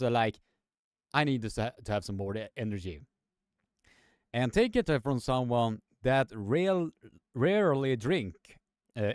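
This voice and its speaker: A man giving live arm wrestling commentary. He talks in a halting way, full of fillers and restarts, and climbs in pitch when the action heats up. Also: a little mellow, dry recording, studio quality. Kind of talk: live sports commentary with chat.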